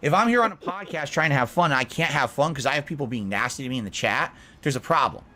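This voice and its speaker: A man's voice: mid-range voice, lively intonation, fast, pushed and bright. Earnest lecturing male streamer. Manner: earnest, lecturing, self-justifying. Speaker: live streamer. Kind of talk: monologue addressed to chat.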